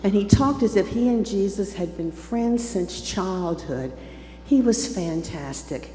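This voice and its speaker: A woman's voice: mid-range voice, animated, unhurried, mellow. A woman in her seventies telling a personal story to a church congregation, acting out the voices of the people in it. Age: 70s. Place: church sanctuary. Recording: echoey church hall with faint hum.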